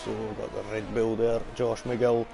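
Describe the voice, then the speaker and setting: A man's voice: on the low side, flat delivery, normal speed, gravelly, over music. A young Scottish man giving casual, swearing live commentary on a sim racing league stream and chatting with viewers. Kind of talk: live esports race commentary.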